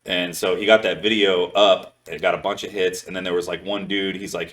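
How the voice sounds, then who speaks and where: Deep-voiced man telling a rambling story. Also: steady tone, fairly quick, hardly any pauses, a bit bright. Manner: rambling, heavy swearing, many "like" fillers. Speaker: podcast host. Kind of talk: casual storytelling chat.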